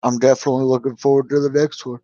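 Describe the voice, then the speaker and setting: A man chatting on a podcast, animated, retelling scenes and swearing a lot. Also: medium pitch, rapid-fire, no room sound, lo-fi sound. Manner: animated storyteller, swears a lot, acts out characters' lines. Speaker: podcast co-host. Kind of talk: casual review chat.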